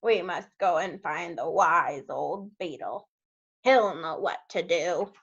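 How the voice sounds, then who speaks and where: A woman plays a solemn male chief frog from a children's storybook, speaking slowly and gravely. The voice is pitched lower than her usual and drawn out. It comes through a dull, lo-fi recording. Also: a bit bright, full character voice. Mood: serious. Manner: slow and serious.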